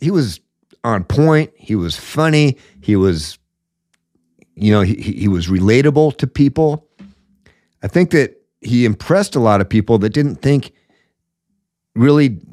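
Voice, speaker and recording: A man's voice: mid-range voice, expressive, a little slow, long pauses, a little mellow, no echo, clean studio sound. A man hosting his own political commentary show, blunt and emphatic, calling it as he sees it between frequent fillers. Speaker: podcast host.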